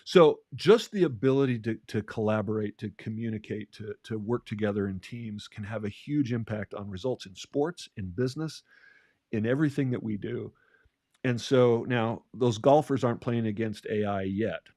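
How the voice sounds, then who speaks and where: A man's voice: fairly low pitch, moderate pace, mellow, dry recording. Man telling stories with a dry sound. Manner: many restarts and repeated words, storytelling. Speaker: podcast co-host, leadership coach. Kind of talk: conversational podcast talk.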